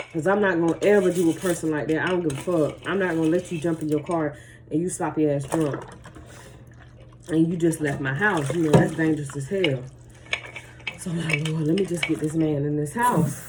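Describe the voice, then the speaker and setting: Animated, cussing woman telling a story. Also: lowish voice, background noise. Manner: animated, profane, emphatic. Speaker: vlogger. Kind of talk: casual storytime. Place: at home, near a running tap.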